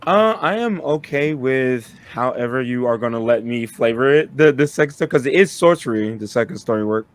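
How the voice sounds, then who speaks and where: A man's voice: mid-range voice, animated, fairly quick, a little hiss or hum. A man as a player in a tabletop role-playing game, describing what his character does.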